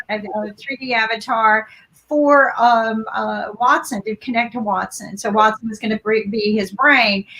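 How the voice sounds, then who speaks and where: A woman's voice: a little high, sharp tone, rough recording. A woman co-hosting a casual panel chat over a video call, eager and talkative. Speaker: co-host.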